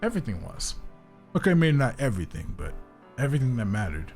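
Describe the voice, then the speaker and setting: A man's voice: medium pitch, sing-song, fast, darkish tone, faint music behind. A man reading as a guilt-wracked young man. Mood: despairing. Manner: bitter, self-blaming confession.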